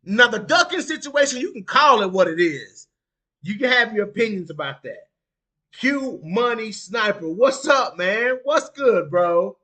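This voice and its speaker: A man talking casually on a live stream and reading chat aloud, animated, jumping from low asides to loud outbursts, often saying "you know what I'm saying". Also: unhurried. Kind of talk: casual talk on a live stream about mixed martial arts.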